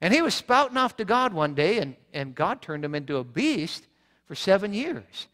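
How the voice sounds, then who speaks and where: A man's voice: sits high, big pitch swings, moderate pace, a bit bright. A man preaching a sermon as pastor, earnest, repeating points for emphasis, often restarting his words. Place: church sanctuary. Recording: long church reverb.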